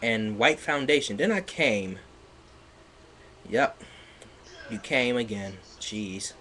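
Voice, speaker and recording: A man on a livestream reading fan fiction aloud in a mocking dramatic way, sarcastic, with loud outbursts and laughter, sounding a bit stuffy. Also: on the low side, lively intonation, slow pace, slight background noise. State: slightly stuffy.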